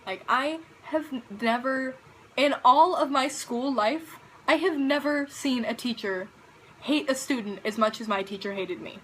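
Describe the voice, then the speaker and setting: A teenage girl telling a story to her camera in a casual, animated, dramatic way. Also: sits high, measured pace, a little hiss or hum, poor audio. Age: teens. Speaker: vlogger.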